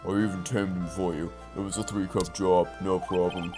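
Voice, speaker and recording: A man doing a low, cool prosecutor. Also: flat delivery, faint music behind, close to an everyday voice. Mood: smug. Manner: low, slow and quiet, smug. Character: cool, brooding masked male prosecutor.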